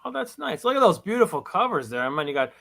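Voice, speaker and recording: A man with a high, bright voice talks casually as an interview guest. He tells his stories with animated energy and breaks into laughing exclamations. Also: fast talker, vocal fry. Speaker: comic book writer, guest.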